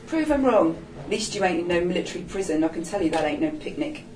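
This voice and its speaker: A woman's voice: lowish voice, expressive, quick pace, darkish tone, a little hiss or hum, close to an everyday voice. A woman voicing a streetwise older man, cheeky, coaxing and full of slang, in a storybook reading. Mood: mocking. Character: streetwise older gay man, wry and bossy. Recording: roomy echo, distant mic.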